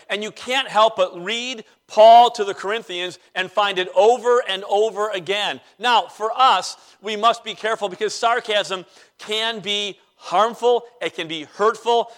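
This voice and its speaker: A male pastor delivering a sermon in a church, his voice sitting high for a man. He takes his time over each phrase and leans on pauses and wry asides. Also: a bit bright. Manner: conversational preaching with dry humor and pauses.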